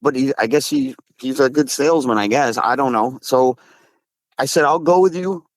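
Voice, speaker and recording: Excitable man telling a story. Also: medium pitch, moderate pace, dry recording. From Massachusetts. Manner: excitable, swears, says dude a lot, frequent restarts. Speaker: guest recounting encounters. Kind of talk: casual storytelling.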